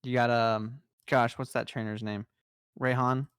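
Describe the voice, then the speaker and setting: A young man co-hosting a casual podcast chat, rattling off trading cards with easy enthusiasm. His voice is smooth and clear, recorded close and dry with no room sound. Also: medium pitch, little pitch movement, unhurried, fairly bright tone, dry recording. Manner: enthusiastic, rattles off card lists. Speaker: podcast co-host presenting trading card news.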